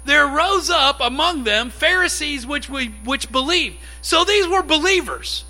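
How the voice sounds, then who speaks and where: Brief: male pastor, high and bright voice, lively conversational sermon delivery. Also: a little slow, poor audio. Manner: conversational, animated preaching with acted-out quotes.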